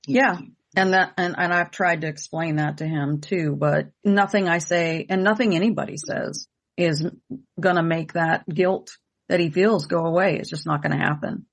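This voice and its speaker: Speaking at a moderate pace with a steady, lowish voice, a woman who is a medium and co-host shares a personal story. Her candid, conversational storytelling is earnest and emotional, and she often repeats herself for emphasis.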